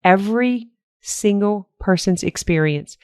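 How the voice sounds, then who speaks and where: A woman's voice: mid-range voice, unhurried, a little mellow, smooth, dry recording, studio quality. Earnest older woman podcast host. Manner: earnest, encouraging, repetitive motivational phrasing. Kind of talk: solo podcast monologue.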